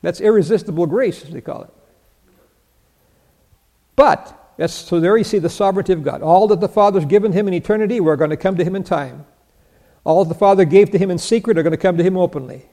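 An older man preaches a sermon in a high, brisk, warm voice, teaching Bible verses, posing questions to his listeners, answering them himself, and chuckling along the way. The long reverb of a large hall surrounds him.

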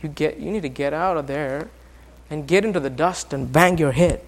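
A male pastor with a high voice preaches a sermon to his congregation. He moves from hushed, quiet passages to loud, fervent ones and keeps asking the listeners questions. His voice rings with the long reverb of a church hall. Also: moderate pace, a little hiss or hum.

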